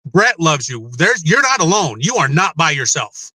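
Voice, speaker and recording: A man's voice: on the high side, very animated, normal speed, sharp tone, dry recording. A middle-aged man speaking as a guest in a candid interview, rambling, emotional and swearing freely.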